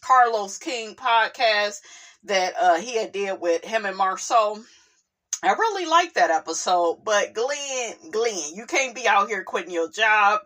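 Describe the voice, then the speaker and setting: Sassy lady dishing on reality tv, slow drawl, voice jumps all over. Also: mid-range voice. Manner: sassy, animated, drawls and exclaims. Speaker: reality TV recap host. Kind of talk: casual recap commentary.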